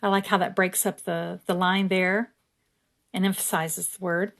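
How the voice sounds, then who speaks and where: A woman casually explaining her journaling steps as she works, now and then slowly reading verses aloud. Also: fairly low pitch, creaky. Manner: relaxed, chatty, reads verses aloud slowly. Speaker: creator. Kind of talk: casual craft tutorial narration.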